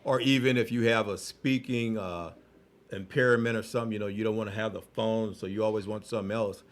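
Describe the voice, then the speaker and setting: A man's voice: lowish voice, fairly even intonation, fairly quick. A man hosting a radio talk show, chatty and enthusiastic as he reacts to his guest. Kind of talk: radio interview.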